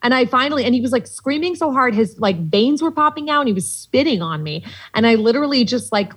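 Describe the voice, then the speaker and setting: A woman from Boston telling animated, profanity-laced stories as a podcast guest, with lots of "like" fillers. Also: on the high side, fast talker, husky. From Boston, USA. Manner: animated, swears freely, many "like" fillers. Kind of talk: casual storytelling chat.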